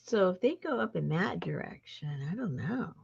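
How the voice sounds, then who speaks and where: A woman's voice: mid-range voice, animated, moderate pace, gravelly, darkish tone, slightly rough, dull audio. A woman hosting a crafting video, chatting casually and thinking aloud as she works. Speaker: crafting channel host. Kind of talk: casual chat while crafting.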